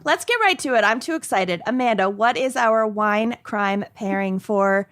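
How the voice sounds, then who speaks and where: A woman's voice: mid-range voice, normal speed, a bit bright. A woman co-hosting a podcast in playful, casual chat. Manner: playful, giggly banter. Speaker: podcast co-host.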